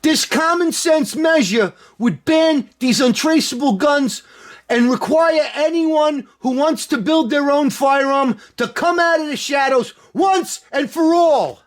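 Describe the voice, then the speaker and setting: A man putting on a mocking impression of a blustering, pompous male politician, shouting his lines. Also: very high-pitched, slow pace, voice pushed up.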